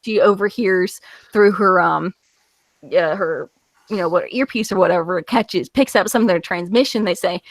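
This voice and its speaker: A woman co-hosting a casual review podcast over an online call, retelling a story in an animated way with many filler words and acted-out quotes. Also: fairly low pitch, moderate pace, no echo. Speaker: podcast co-host. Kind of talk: casual comic-book review chat.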